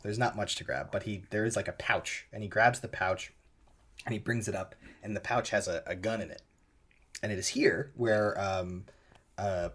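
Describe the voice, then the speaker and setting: Low-voiced man recapping a movie. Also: a bit bright, slightly rough. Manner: retells scenes with loose, offhand voiced quotes. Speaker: podcast co-host. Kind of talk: casual movie recap chat.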